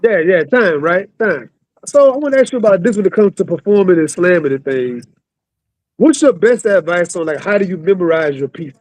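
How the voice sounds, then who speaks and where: A man's voice: high voice, expressive, fairly quick, a little mellow, no echo, poor audio. A male podcast host in a casual interview, affirming his guest with short replies and asking questions.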